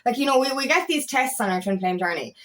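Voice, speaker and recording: A woman's voice: on the high side, animated, fast talker, fairly bright tone. A woman coaching on twin flame journeys, talking straight to her viewers in a blunt, emphatic way and swearing freely. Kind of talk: unscripted spiritual talk to camera.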